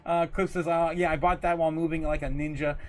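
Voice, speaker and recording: A fairly high-voiced man hosts a casual livestream, rambling loosely between topics. He reads viewer comments aloud and breaks into frequent laughter. His talk is full of fillers and restarts. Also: level tone, fast, a little hiss or hum. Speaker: livestream host.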